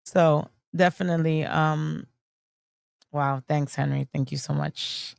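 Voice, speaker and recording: A woman's voice: low voice, steady tone, measured pace, gravelly, a little mellow, no room sound, studio quality. A woman hosting a livestream, talking casually and emotionally, swearing often and rambling. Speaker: streamer host.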